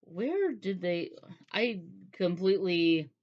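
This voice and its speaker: A woman's voice: lowish voice, sing-song, slow, dull audio. A woman who reviews books, chatting in a rambling, casual way and acting out characters' dialogue. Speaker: book reviewer. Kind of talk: casual book review chat.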